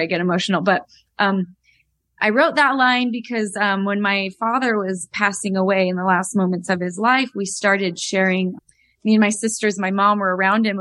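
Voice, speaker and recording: A woman guest in an interview, talking in an earnest, heartfelt way with quick fillers. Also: mid-range voice, fairly bright tone, dry recording. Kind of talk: conversational interview.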